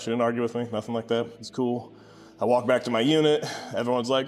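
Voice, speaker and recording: A man, telling a casual story about starting his gym, sarcastic and lively when he quotes people. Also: medium pitch, fast talker, soft background music. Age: 20s. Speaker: gym owner vlogger.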